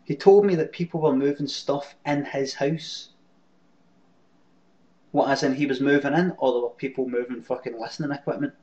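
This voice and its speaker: A Glaswegian man hosts a webcam show, telling a rambling, sweary story and answering viewer comments. His mid-range voice is mellow and moves at a normal speed, captured lo-fi on the webcam mic.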